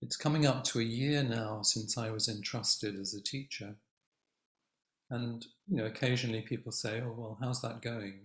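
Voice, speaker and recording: An older man giving a Zen dharma talk as a teacher, speaking gently and reflectively with long pauses. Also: medium pitch. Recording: echoey room.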